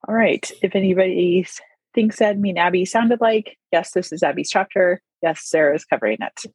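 A woman's voice: on the low side, moderate pace, darkish tone, breathy edge, no room sound, rough recording. A woman co-hosting a podcast in casual chat, teasing her co-host, swearing freely and laughing a lot.

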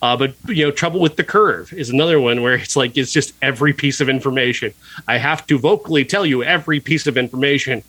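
A man co-hosting a casual film review podcast, talking in an animated, profane, mocking way and laughing often. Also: medium pitch, fast talker, dry recording. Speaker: podcast co-host.

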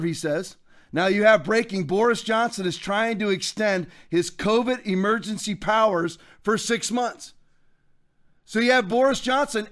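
A man hosting a political commentary podcast, fiery and preacher-like, often breaking into shouts. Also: high voice. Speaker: podcast host.

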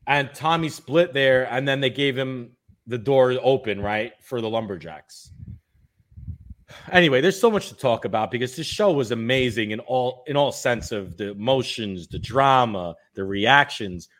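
Animated man with emphatic tag questions. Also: mid-range voice, moderate pace. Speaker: co-host of a bowling talk show. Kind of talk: casual sports chat.

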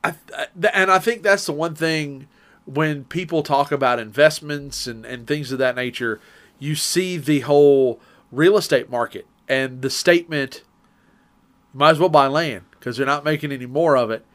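A man's voice: a little high, normal speed, fairly bright tone. A man with a Southern Virginia drawl, co-hosting a casual chat and agreeing with short replies.

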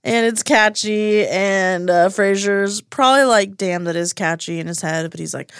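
Woman podcast cohost telling the story all animated, doing the characters' voices, mid pitch, super dry studio mic. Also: normal speed, smooth, dry recording. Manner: animated, acts out characters' lines, swears casually. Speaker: podcast co-host. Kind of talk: casual episode recap. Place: recording studio.

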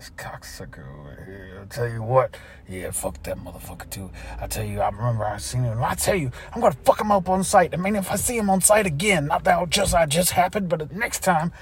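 A man playing a bitter middle-aged office worker who grumbles low and swears crudely under his breath. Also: brisk, few pauses, a little hiss or hum. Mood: seething. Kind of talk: comedy sketch monologue.

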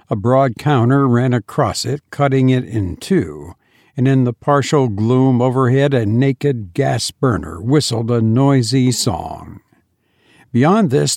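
Male narrator, slow measured storybook reading, gravelly, dry close sound. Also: medium pitch, a little mellow, no room sound.

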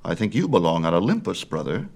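A man's voice: low-pitched, wildly swooping pitch, fast talker, creaky, a little mellow, full character voice. A male reader voicing a proud, imperious sun god in a storybook myth, speaking with lofty disdain. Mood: haughty. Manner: haughty, imperious. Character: haughty, grand sun god, young man.

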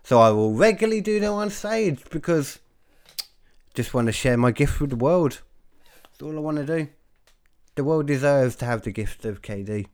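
A young man from the UK talking alone in a loose, rambling way. He swears freely and mocks himself, jumping from loud bursts to low mumbles. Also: smooth. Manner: rambling, self-mocking, sweary, quick swings between loud and mumbled. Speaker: podcaster and stand-up comic. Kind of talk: casual solo chat.

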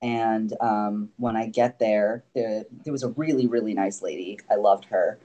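A man's voice: lowish voice, a little slow, mellow, lo-fi sound. A man guesting on a podcast, telling a long story in a loose, rambling way, full of fillers, casual swearing and little laughs. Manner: laughs often between remarks.

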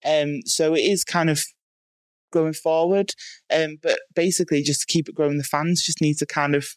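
A woman's voice: low voice, fairly even intonation, normal speed, no echo. Frank, plain-spoken woman athlete guest, dry close sound. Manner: frank, lots of "um" and "like". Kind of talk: casual interview answers.

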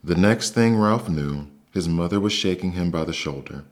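Deep-voiced man narrating bedtime stories. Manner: soft, slow, soothing. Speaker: podcast host and narrator. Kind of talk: calm bedtime story narration.

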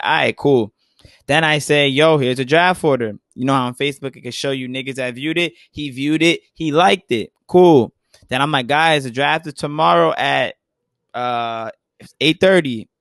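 A young man with a New York accent, co-hosting a podcast in casual, profane, animated chat. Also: medium pitch, dry recording, studio quality. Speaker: podcast co-host.

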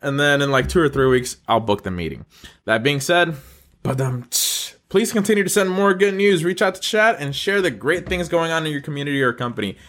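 A man's voice: on the high side, expressive, brisk, a bit bright. A man hosting an upbeat good-news podcast, talking in an earnest, encouraging and affectionate way to his listeners. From North Carolina. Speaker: podcast host.

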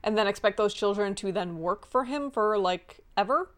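A woman's voice: medium pitch, moderate pace. A woman co-hosting a podcast, chatting about a film in a dry, matter-of-fact way. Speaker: podcast co-host. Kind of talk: casual film-review chat.

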